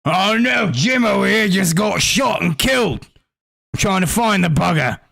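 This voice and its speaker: A man voicing a rough male town thug who shouts as he hunts for a killer. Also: high voice, lively intonation, normal speed, soft background music, voice pushed up, exaggerated voice. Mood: agitated.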